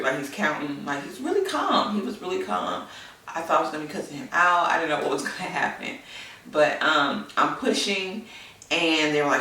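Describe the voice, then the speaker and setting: A woman's voice: sits low, sing-song, normal speed, bright, forceful tone. A woman candidly telling a personal story in a chatty way, with many fillers. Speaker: vlogger, new mother. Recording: echoey room, mic at a distance.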